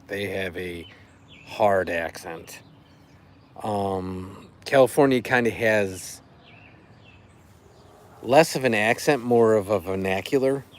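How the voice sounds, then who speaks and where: Speaking in a low-sitting voice at a slow pace, this middle-aged livestream host from the Chicago area, USA, chats easily and wanders off-topic with fillers. Some slight background noise can be heard as he talks with viewers.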